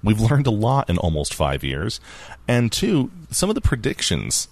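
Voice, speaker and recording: A man's voice: on the low side, huge pitch swings, moderate pace, gravelly, darkish tone, dry recording. A man hosting a podcast, chatting casually, laughing easily and reading out listener feedback. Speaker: podcast host.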